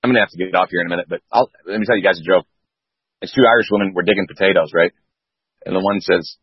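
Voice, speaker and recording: A man's voice: low-pitched, rapid-fire, breathy edge, dry recording. A man in a casual group chat, swearing freely and telling stories animatedly. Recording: dry dull lo-fi call audio.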